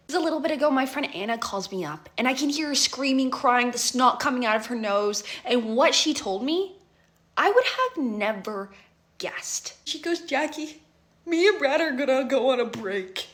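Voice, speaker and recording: A woman's voice: a little high, sing-song, normal speed, fairly bright tone. A woman in her twenties telling a dramatic story in a chatty vlog, often tagging her lines with "right?" and "okay?". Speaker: vlogger.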